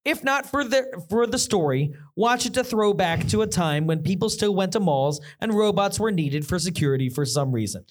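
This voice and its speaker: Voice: normal speed, few pauses. A podcast host reading online reviews aloud with a mock-dramatic delivery. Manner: animated, mock-dramatic reading with swooping pitch.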